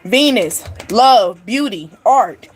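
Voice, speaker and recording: Woman, animated, chatty, fairly high voice, talks to viewers. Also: slow, husky. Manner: animated, chatty, laughs often, addresses viewers directly. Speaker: tarot reader. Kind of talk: livestream card reading.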